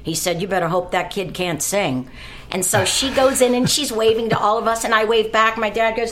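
Bright, lively woman telling a stage story. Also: a little high, moderate pace, a little hiss or hum. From California. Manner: lively storyteller, acts out voices and sings bits. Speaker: guest performer. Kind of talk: anecdote on a talk radio show.

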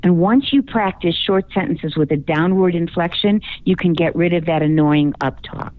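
A woman's voice: fairly low pitch, normal speed, a little hiss or hum. Confident woman coaching over a phone line. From Chicago, US. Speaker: guest, speaking coach. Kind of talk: radio interview.

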